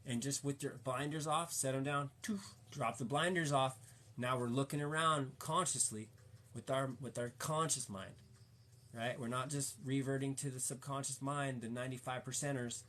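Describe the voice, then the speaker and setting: Casual streamer, male, mid-pitched, slangy and profane, rambles and preaches with fired-up energy. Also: steady tone, normal speed, fairly bright tone.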